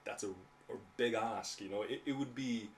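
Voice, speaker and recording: A man's voice: on the low side, normal speed, slight background noise. An Irish man co-hosting a podcast, speaking in an easygoing way, agreeing often and leaning on fillers. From Ireland. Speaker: podcast co-host. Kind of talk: casual chat.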